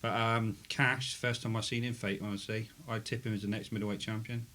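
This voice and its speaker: A man's voice: fairly low pitch, little pitch movement, fairly quick, bright, forceful tone. A man, a boxer co-hosting, breaking down a fight in a plain, clipped way. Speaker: boxer co-host. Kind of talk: casual fight analysis.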